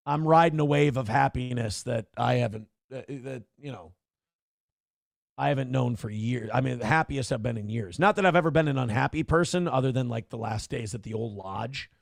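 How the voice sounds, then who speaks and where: A man's voice: medium pitch, normal speed, gravelly, no echo, clean studio sound. A middle-aged man hosting a casual livestream, reading out chat comments and talking candidly in a rambling way, with many restarts.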